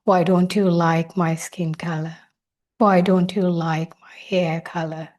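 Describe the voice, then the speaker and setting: A woman's voice: fairly low pitch, flat delivery, slow pace, a little mellow. A woman speaking as her listener's hurt, neglected inner child, asking one reproachful question after another. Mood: pleading.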